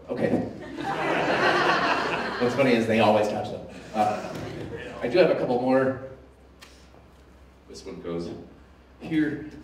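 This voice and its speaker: After his microphone failed, a man from Denver, USA, is captured only by room pickup as he performs live mentalism on a thrust stage, with dry wisecracks and chatty stage patter. His fairly low voice sounds far from the mic, in an echoey theater with music and background noise.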